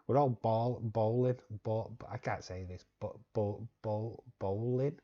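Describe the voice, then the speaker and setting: A man's voice: fairly low pitch, unhurried, warm tone, dull audio. A young English man hosting a quiz on a live stream, joking and chuckling as he reads the chat. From England. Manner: joking, chuckling, repeats words while reading chat. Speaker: quiz host.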